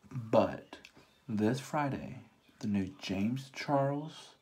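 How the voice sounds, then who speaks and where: A beauty vlogger talking through a casual makeup tutorial in a chatty, theatrical way. The voice swings between loud exclamations of dismay and soft whispered asides, with a faint hiss of noise behind it. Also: mid-range voice, measured pace.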